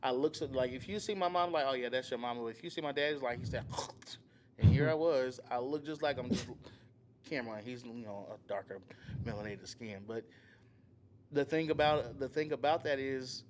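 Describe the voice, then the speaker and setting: A man's voice: mid-range voice, moderate pace, slight background noise. A man in his thirties co-hosting a casual couch podcast, telling stories animatedly and acting out what his family says. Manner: animated storytelling, acting out quoted family members. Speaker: podcast co-host. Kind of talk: casual chat. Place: living room couch set.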